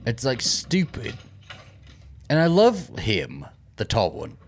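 A man co-hosting a casual film commentary podcast, sarcastic, jokey and quick to swear. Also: medium pitch, wildly swooping pitch, a little hiss or hum. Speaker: podcast co-host.

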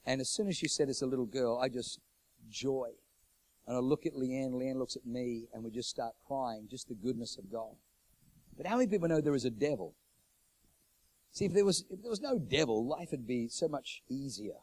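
A middle-aged man preaching a sermon, moving between loud, fervent declarations and hushed, low storytelling, repeating phrases for emphasis. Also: lively intonation, moderate pace. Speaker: pastor.

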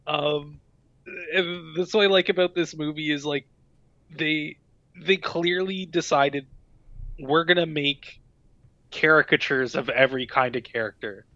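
A man's voice: a little high, a little slow, sharp tone, no echo. A man co-hosting a podcast in casual chat, talking loosely with many fillers and frequent laughter. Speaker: podcast co-host. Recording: dull dry recording.

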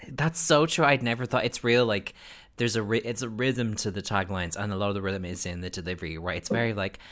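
A man's voice: lowish voice, steady tone, a little fast, fairly bright tone. A man hosting a podcast, chatting casually with a guest and laughing often. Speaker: podcast host. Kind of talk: casual chat interview.

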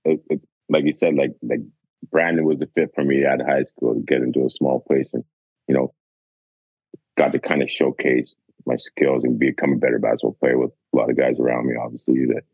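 A man's voice: extremely low pitch, flat delivery, a little fast, gravelly, slightly rough, no room sound. A Canadian man in his forties, a guest telling stories about his basketball days in a laid-back, rambling way. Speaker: guest, former basketball player. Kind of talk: casual storytelling. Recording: dry, phone-like narrow sound.

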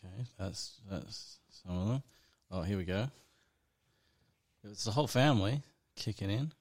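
A laid-back man with a low voice who speaks slowly. He co-hosts a podcast in a casual way and answers mostly with short reactions. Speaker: podcast co-host. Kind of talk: casual chat.

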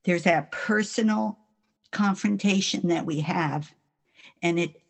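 An older woman with a New Jersey accent speaks slowly and deliberately in a somewhat low voice. She is a guest in a faith interview, telling earnest stories from her life with an occasional laugh. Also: vocal fry. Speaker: guest author.

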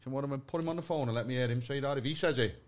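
A man's voice: medium pitch, rapid-fire. A man, a podcast guest telling a story in blunt, sweary casual chat and acting out both sides of phone arguments.

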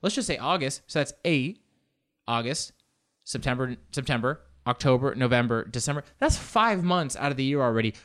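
A man's voice: medium pitch, lively intonation, fairly quick, a bit bright. Rambling, self-mocking young man. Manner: rambling and self-mocking, loose slang and frequent fillers. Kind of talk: casual solo chat.

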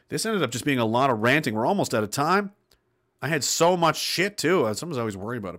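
A man's voice: medium pitch, big pitch swings, fast talker, fairly bright tone. A man hosting a livestream, reading out chat comments and ranting bluntly with lots of swearing and laughs between points. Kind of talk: casual ranting livestream talk.

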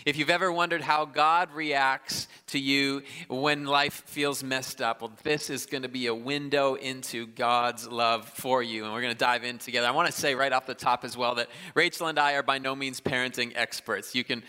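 A man in his thirties preaching a sermon in a large church, conversational and self-deprecating, with quick asides and restarts. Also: mid-range voice, fairly even intonation, sharp tone, clear, resonant tone. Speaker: pastor. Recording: live church hall with long reverb.

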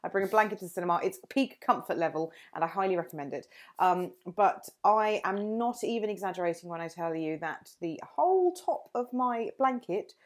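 A woman's voice: mid-range voice, animated, a little fast. A woman co-hosting a podcast in casual chat, playful and self-mocking. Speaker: podcast co-host.

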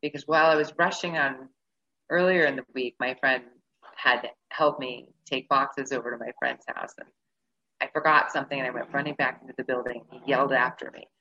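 Animated husky woman telling a story. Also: rumbling low, a little fast. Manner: animated, acts out the voices of people in her story. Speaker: guest. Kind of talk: casual conversational storytelling. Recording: dull lo-fi recording.

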